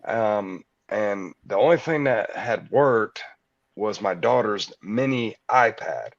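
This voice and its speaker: A man guest telling a personal story in a halting way, with many fillers and restarts. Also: on the low side, lively intonation, vocal fry, no room sound, dull audio.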